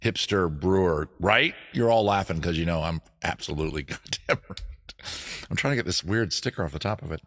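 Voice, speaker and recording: Speaking a bit quickly with lively intonation, this comedy show host has a low, slightly bright voice. He's streaming casually from a home studio on a camera-equipped streaming rig, swearing and drifting loosely from one bit or aside to the next.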